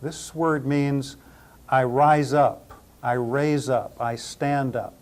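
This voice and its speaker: A man's voice: medium pitch, fairly even intonation, takes it slowly, a little mellow. A man teaching New Testament Greek pronunciation. He spells out letters and repeats each word several times. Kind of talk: slow spoken pronunciation lesson.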